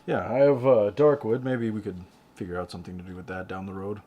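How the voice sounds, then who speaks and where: A man's voice: on the low side, fairly even intonation, fast, muffled recording. A man playing a tabletop game, chatting casually with frequent restarts and laughs. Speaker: player.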